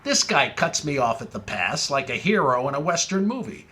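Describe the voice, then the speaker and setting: Male comedian, wordplay-driven storytelling, animated pitch, slightly high voice. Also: moderate pace. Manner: wordplay-heavy, rising excitement in punchlines. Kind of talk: stand-up storytelling.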